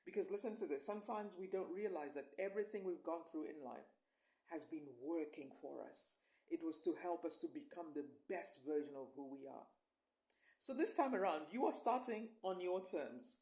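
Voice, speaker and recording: A woman's voice: on the low side, expressive, moderate pace, warm tone, echoey room. A woman life coach giving an emphatic, coaxing motivational talk to camera, often checking in with the listener.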